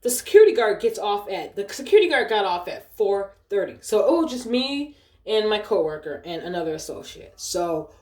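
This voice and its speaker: A woman's voice: medium pitch, sing-song, fairly quick, darkish tone. Woman telling a storytime, cussing and heated, echo all around. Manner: profane, fired-up, repeats herself. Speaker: storytelling vlogger. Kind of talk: casual storytime retelling. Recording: echoey room.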